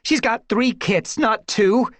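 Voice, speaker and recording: A man voicing an anxious female warrior cat who asks sharp, panicked questions. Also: high-pitched, little pitch movement, fairly quick, dry recording, voice pushed up, natural voice.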